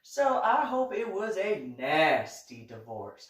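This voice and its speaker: A woman's voice: extremely low pitch, normal speed. Indignant woman vlogger, roomy and distant. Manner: animated, indignant retelling that acts out dialogue. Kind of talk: casual storytelling monologue. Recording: roomy echo, voice far from the mic.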